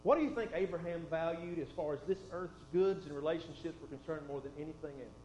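A man preaching a sermon and reading scripture, folksy and conversational, dropping soft and then swelling for emphasis. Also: on the high side, fast talker. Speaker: pastor. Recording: roomy, dull sound with faint hum.

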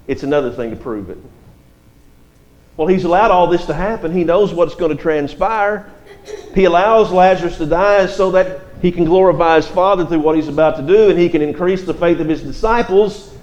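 A man's voice: on the high side, moderate pace, a little mellow, lo-fi sound. A man preaching an expository sermon, reading scripture verses aloud and explaining them.

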